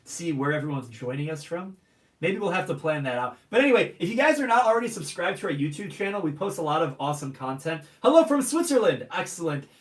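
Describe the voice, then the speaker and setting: A man's voice: fairly high pitch, lively intonation, fast, far from the mic. A man hosting a live stream Q&A, upbeat and calling out greetings to viewers from many places. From United States. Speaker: host. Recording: roomy echo, off-mic.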